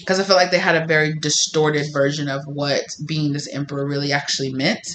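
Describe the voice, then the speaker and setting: A man giving a casual tarot reading, talking in an animated way with lots of fillers and some swearing. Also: on the high side, brisk, slight background noise. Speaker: tarot reader.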